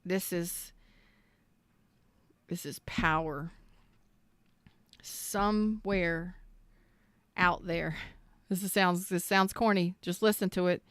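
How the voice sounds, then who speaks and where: A woman's voice: on the low side, fairly even intonation, takes it slowly, pauses often, fairly bright tone, clean tone, no echo. A woman giving a heartfelt tarot reading, earnest and emotional, repeating phrases and sounding close to tears. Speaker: tarot reader.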